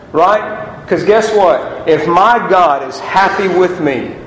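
A man preaching a sermon as pastor, chatty and lively, asking the congregation rhetorical questions. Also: a little high, a little hiss or hum. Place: church sanctuary. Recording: echoey hall.

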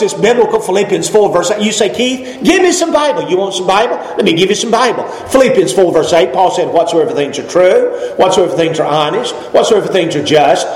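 Pastor, man, 50s; folksy, joking, emphatic preaching; recorded in a reverberant church. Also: high voice. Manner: folksy, emphatic preaching with jokes and rising exclamations. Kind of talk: sermon. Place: church sanctuary. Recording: echoey church hall with faint ambience.

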